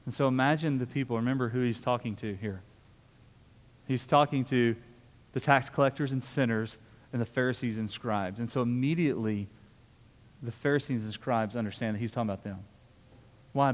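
A man's voice: medium pitch, normal speed. A man preaching a sermon in a conversational way, often repeating words and asking "right?". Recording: long hall reverb.

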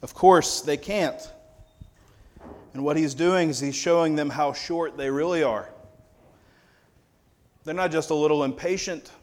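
Guy preaching a sermon, kinda high voice, chatty and wry, tells stories. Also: unhurried, pauses often, a little mellow. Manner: conversational, wry storytelling preacher. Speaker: pastor.

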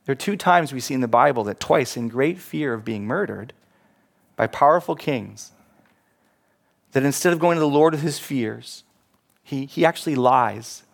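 A man preaching a sermon as pastor, animated, acting out quoted voices and laughing at himself. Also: mid-range voice, moderate pace, creaky.

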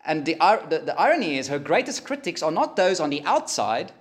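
A man preaching a sermon, emphatic and pausing, rising for emphasis. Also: fairly high pitch, very animated. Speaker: pastor.

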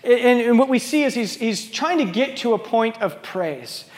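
Guy preaching a sermon, high voice, goes quiet then loud, big echoey hall. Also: expressive, normal speed. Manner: conversational, wide swings from soft to loud. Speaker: pastor. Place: church sanctuary with a small live audience.

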